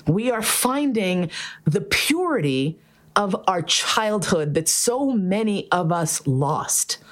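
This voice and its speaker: A woman in casual podcast chat, telling a story in a lively way and swearing often. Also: medium pitch, takes it slowly. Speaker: podcast host.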